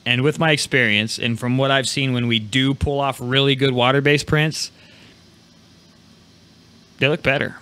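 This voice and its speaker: Bright-voiced excitable podcast host man. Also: medium pitch, moderate pace, hardly any pauses, smooth. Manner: loose, excitable, swears freely. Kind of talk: casual live podcast chat.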